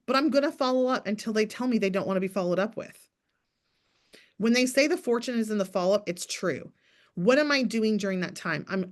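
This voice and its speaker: A chatty woman in her thirties gives a lively coaching talk to her sales team. She talks fast and keeps acting out sample messages in a brighter voice. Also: fairly high pitch.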